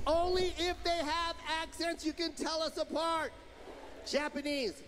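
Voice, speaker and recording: High-voiced energetic stand-up comedian. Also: male voice, unhurried. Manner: energetic, shouting punchlines, laughing. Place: comedy stage. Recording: noisy stage recording with crowd.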